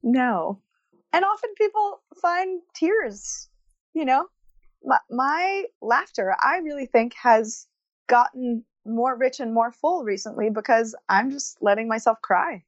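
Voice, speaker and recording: A woman comedian, a podcast guest, telling a personal story in a lively, laughing manner. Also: a little high, takes it slowly, dry recording, highs cut off. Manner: animated storytelling, laughing through tears. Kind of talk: casual podcast conversation.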